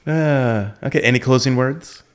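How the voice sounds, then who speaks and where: A man's voice: medium pitch, normal speed, clean tone. A man hosting a casual podcast chat, joking and teasing his guest. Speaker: podcast host.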